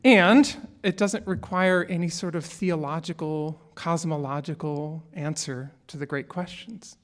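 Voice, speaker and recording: Male minister, fairly high voice, relaxed conversational sermon with humor. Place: church sanctuary.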